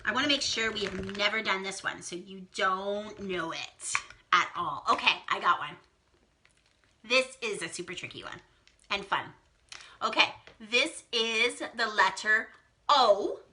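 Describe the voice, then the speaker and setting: A woman's voice: medium pitch, a little slow. A young woman hosting a live phonics lesson for small children, cheerfully reading out their guesses and praising each one. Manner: bubbly, encouraging, reads out children's guesses with excited gasps.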